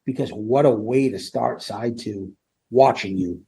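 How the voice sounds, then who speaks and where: A man's voice: medium pitch, a little slow, warm tone. A man co-hosting a podcast, chatting casually about a live album with blunt, profane remarks. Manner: profane, reads notes with timestamps, mimics stage banter. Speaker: podcast co-host. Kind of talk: casual music review chat.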